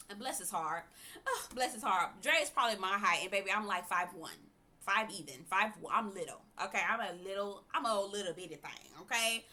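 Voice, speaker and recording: Sassy woman recapping reality TV. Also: medium pitch. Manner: sassy, animated, talks straight to viewers with "okay?". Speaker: TV review host. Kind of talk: casual TV recap commentary.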